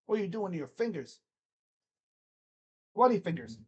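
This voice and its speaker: A streamer calling a basketball game live in a loose, chatty way, drifting into jokes and asides between plays. The voice sits at an ordinary middle pitch, and each play is called in slow, drawn-out words before it slips back into an easy ramble. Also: very animated, a little mellow, husky, lo-fi sound. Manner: rambling, joking, talks to himself between plays; drawn-out play calls during game action. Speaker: sports reaction streamer. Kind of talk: casual live play-by-play reaction.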